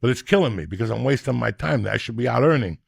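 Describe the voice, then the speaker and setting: Gravelly, profane New comedian ranting. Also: male voice, medium pitch, fast, dry recording, clean studio sound. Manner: profane, loud and animated, rants in bursts. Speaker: comedian and podcast host. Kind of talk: crude comic storytelling.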